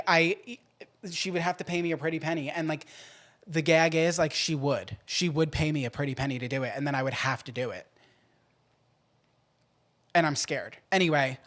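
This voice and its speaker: A man hosting a podcast in a casual, playful way, swinging between loud outbursts and quiet asides. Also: fairly high pitch. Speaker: podcast host.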